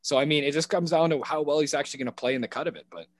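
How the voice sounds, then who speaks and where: A man co-hosting a casual football podcast, rambling and animated with frequent restarts. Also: a little high, rapid-fire. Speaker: podcast co-host. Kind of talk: casual sports podcast chat.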